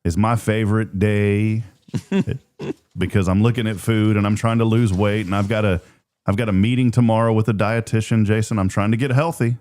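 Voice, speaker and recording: A man's voice: lowish voice, steady tone, moderate pace, a little mellow. A middle-aged man hosting a morning radio show, chatting casually, joking and laughing often.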